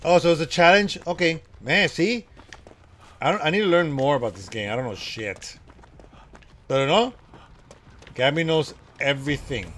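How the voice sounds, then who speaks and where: A man's voice: fairly high pitch, expressive, normal speed, pauses often, fairly bright tone, a little hiss or hum. A man streaming a horror game live, chatting with viewers, swearing casually and yelping at the scares. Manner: jumpy, yelps and laughs at scares, chats with viewers.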